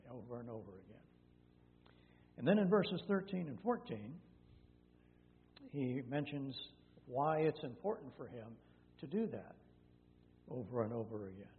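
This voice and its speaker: A male pastor teaching through a Bible passage in a conversational way, with many fillers and self-corrections. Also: medium pitch. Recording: tinny phone-like sound in a reverberant hall with faint hum.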